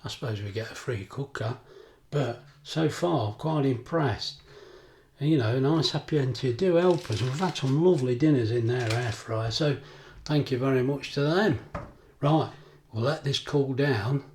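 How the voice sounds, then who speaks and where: A man's voice: medium pitch, normal speed, darkish tone. An older man, chatting casually in a home kitchen cooking vlog, rambling into laughing anecdotes. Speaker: cooking vlogger.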